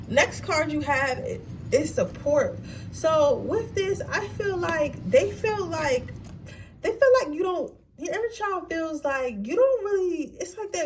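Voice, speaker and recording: High-voiced woman giving blunt tarot readings. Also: slight background noise. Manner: blunt, profane, slangy, animated. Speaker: tarot reader. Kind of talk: casual pick-a-card tarot reading.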